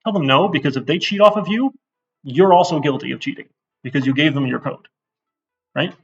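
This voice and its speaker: A man's voice: fairly high pitch, a little fast, recorded from a distance, dull audio. A middle-aged man giving a casual, blunt course intro lecture to a class, getting worked up as he talks. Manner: blunt, chatty, gets worked up. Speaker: university instructor.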